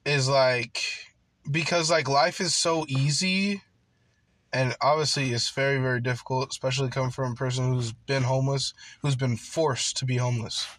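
A man's voice: medium pitch, steady tone, normal speed, a bit bright, no room sound. A man telling a casual story in a rambling way, full of swearing and fillers like "like". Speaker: worker on a night job.

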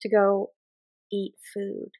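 A woman with a Southern US accent co-hosts a podcast, chatting casually in a reflective, earnest way that trails off into fillers. Her voice is medium-pitched and dark in tone, with a completely flat, slow delivery.

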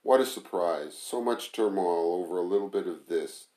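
Brief: deep-voiced man playing a contemptuous, bossy kitchen boss, slightly raised and louder, echoey room. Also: moderate pace, close to an everyday voice. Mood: teasing. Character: scornful, brash male restaurant manager and chef.

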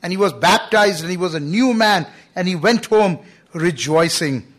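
High-voiced man preaching earnestly. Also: moderate pace, a bit bright. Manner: earnest, emphatic preaching with frequent "you know". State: coughing at times. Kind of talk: sermon.

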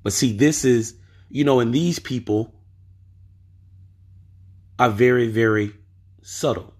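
Taking his time, a male podcast host speaks in a mid-range voice that's somewhat mellow with a breathy edge. He's telling a story in a casual monologue, emphatically posing rhetorical questions to make his case.

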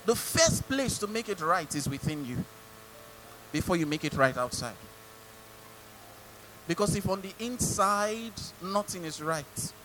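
A man's voice: high-pitched, bright, forceful tone, a little hiss or hum, low-quality recording. A male pastor with a Nigerian English accent preaching a sermon, mimicking people and asking the congregation rhetorical questions.

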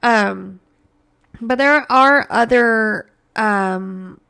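A woman's voice: fairly high pitch, drawn-out words, vocal fry, bright, forceful tone, clean tone. A woman hosting a podcast alone, talking casually in a playful, slangy way with joking asides. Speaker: podcast host. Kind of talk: casual solo podcast monologue.

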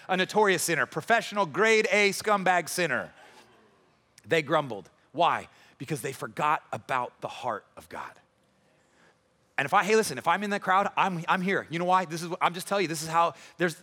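A man preaching a sermon in an animated way, acting out the voices of people from the story. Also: high-pitched, a little fast. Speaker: pastor.

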